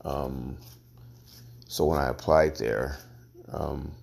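A man hosting a podcast, telling his own story in a casual, halting way with frequent pauses and restarts. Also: extremely low pitch, steady tone, vocal fry, a little mellow. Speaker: podcast host.

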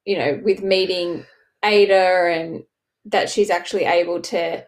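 A woman in casual chat as a podcast co-host, enthusiastic and quick to laugh. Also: on the low side, steady tone.

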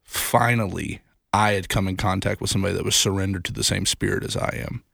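Young male co-host, low and gravelly, earnest storyteller, dry close sound. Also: steady tone, fast, fairly bright tone, no echo. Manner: earnest, self-deprecating storyteller. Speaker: podcast co-host. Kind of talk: casual faith podcast chat.

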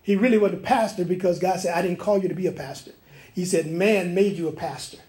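A man preaches with a high, bright voice. He tells a dream in lively detail and acts out the voices and sounds in it. The sound carries an echo of the room around him. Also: fast talker. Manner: animated storytelling, acting out voices and sounds. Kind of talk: sermon testimony.

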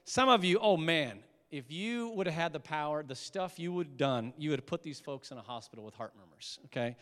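A male pastor with a notably high voice leads a sermon in a church sanctuary. He speaks earnestly and leans on repeated, rhythmic appeals. His words ring out with the long reverb of a large hall. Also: lively intonation, brisk, few pauses, fairly bright tone. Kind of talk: sermon with prayer.

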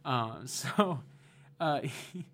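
A young man, a guest DJ in a radio studio, telling a story in casual chat, animated and rambling with lots of fillers. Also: medium pitch, drawn-out words.

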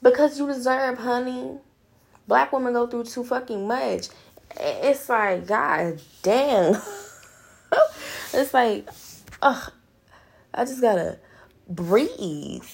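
A young woman hosts a podcast in a loose, frank monologue. Her voice carries a slight fry at the edges. She swears freely and keeps calling her listeners girl, baby and honey. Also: on the high side, takes it slowly, pauses often. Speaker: podcast host. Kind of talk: casual motivational monologue.

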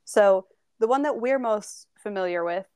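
A woman's voice: mid-range voice, a little mellow, clear, resonant tone, no echo. A young woman from the Southwest United States co-hosting a podcast in a casual, playful, giggly chat. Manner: giggly, playful, quick to joke. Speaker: podcast co-host.

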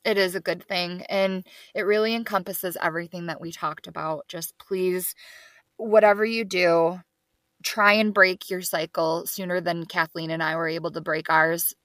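A woman's voice: on the low side, steady tone, normal speed, fairly bright tone, no echo. A woman co-hosting a podcast in casual chat, upbeat as she moves the show through its segments. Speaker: podcast co-host.

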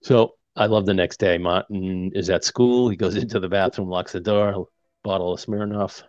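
A man with a very low voice, recapping a film in easy podcast chatter. He slips into quick impressions of the characters as he retells the plot. The recording sounds dry and slightly muffled. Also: no echo. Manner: animated retelling with quoted dialogue. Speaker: podcast co-host. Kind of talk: casual chat recapping a film.

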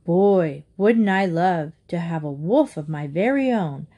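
A woman's voice: fairly low pitch, expressive, measured pace, dark tone. A woman voicing a small, imaginative, dawdling boy who whines and protests dramatically. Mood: whiny, dreamy. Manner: whiny and dramatic.

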